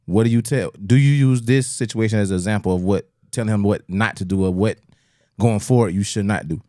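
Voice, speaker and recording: Fast-talking man hosting a podcast. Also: fairly low pitch, dry recording, clean studio sound. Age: late 30s. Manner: animated storyteller, acts out quoted voices. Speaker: podcast host. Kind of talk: casual podcast chat.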